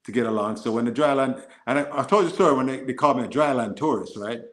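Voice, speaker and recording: A Jamaican-born man speaks with an American accent in relaxed podcast talk. He spins stories, slips into other accents, and laughs as he goes. His voice sits mid-pitch and carries a roomy echo. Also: fast. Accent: American with Jamaican traces. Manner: storytelling, mimics accents, laughs often. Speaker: guest. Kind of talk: casual podcast chat.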